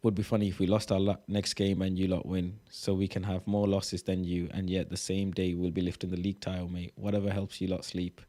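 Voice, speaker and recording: An exasperated man talks through posts in a casual reaction commentary. His voice sits slightly low, and he swears freely as he reads. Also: completely flat delivery, fairly quick, few pauses, mellow. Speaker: reaction streamer.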